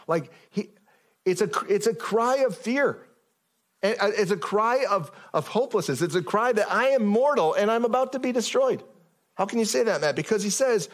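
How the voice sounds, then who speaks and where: A male pastor delivers a sermon in a loose, chatty way, breaking off sentences and starting again. His voice sits a little higher than most men's, and it climbs when he leans into a point. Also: expressive, normal speed. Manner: conversational preaching with many restarts and fillers.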